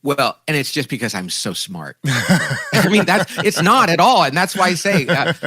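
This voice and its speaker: A man, a guest author, telling a lively conversational story and acting out quoted voices in a self-deprecating way. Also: a little high, normal speed, husky, dry recording.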